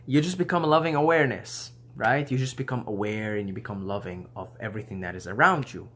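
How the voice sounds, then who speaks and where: A man's voice: lowish voice, fast talker, a bit bright. A man talking casually to the camera, laid-back and rambling with slangy asides and frequent laughter. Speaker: video host.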